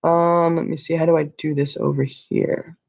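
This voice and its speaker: A woman's voice: deep voice, level tone, moderate pace, gravelly, darkish tone, lo-fi sound. A tired woman hosting a casual livestream, talking bluntly and answering her chat as she goes. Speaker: livestream host. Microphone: laptop or webcam.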